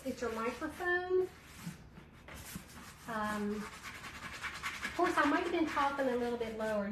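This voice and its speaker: A middle-aged woman, chatting casually with viewers and reading their comments as she does a craft project on a livestream. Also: high voice. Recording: echoey room with clear background noise.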